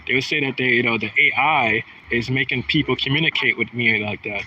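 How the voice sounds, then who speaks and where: A man's voice: medium pitch, fairly quick, sharp tone, lo-fi sound, a little hiss or hum. A man in his thirties talking in a rambling, aggrieved monologue, often restarting his sentences. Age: 30s. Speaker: vlogger. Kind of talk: casual monologue.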